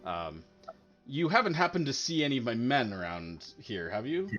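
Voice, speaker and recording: A man voicing a wary, gruff soldier sergeant in a tabletop game, firing off cautious, demanding questions. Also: medium pitch, sing-song, normal speed, a bit bright, dull audio, soft background music.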